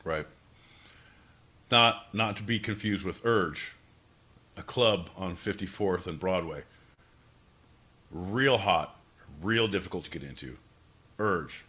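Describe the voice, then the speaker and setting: A man co-hosting a podcast, joking loudly and putting on silly mock outrage. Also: deep voice, slow pace, pauses often, slightly rough. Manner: bursts into loud mock outrage and silly fake German. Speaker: podcast co-host. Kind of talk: joking banter.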